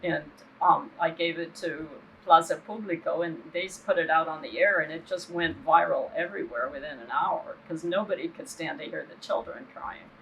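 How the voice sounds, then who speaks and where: A woman's voice: sits low, moderate pace, creaky, few pauses, a bit bright, a little hiss or hum, rough recording. An older woman giving an impassioned interview as a human rights activist, earnest and indignant, often checking in with "right?".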